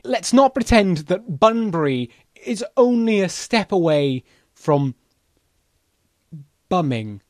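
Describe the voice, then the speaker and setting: A man's voice: on the high side, no echo, studio quality. A man reviewing a play on his vlog, enthusiastic, chatty and cheeky. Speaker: vlogger. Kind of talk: casual book review.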